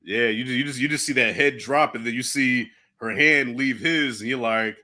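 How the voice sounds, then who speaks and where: Bright-voiced man in casual movie chat. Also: mid-range voice, moderate pace. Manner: loose and animated, laughs often, swears casually. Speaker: host.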